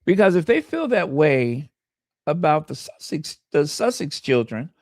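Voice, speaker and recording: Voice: mid-range voice, sing-song, measured pace, creaky, no echo, clean studio sound. An American host giving impassioned, emphatic livestream commentary and reading viewer comments aloud. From United States. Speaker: channel host.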